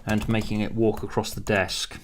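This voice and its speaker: A man's voice: lowish voice, flat delivery, moderate pace, slight background noise. A man co-hosting a casual writing session, dry and laid-back, reading out stage directions as he types them. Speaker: co-writer and co-host. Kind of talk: casual chat, dictating a script as he types.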